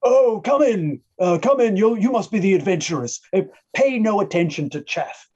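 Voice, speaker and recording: A man's voice: high-pitched, lively intonation, moderate pace, a little mellow, slightly rough, dull audio, pitched above the performer's own voice. A man voicing an elderly male halfling mayor, a fussy and scheming politician. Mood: welcoming.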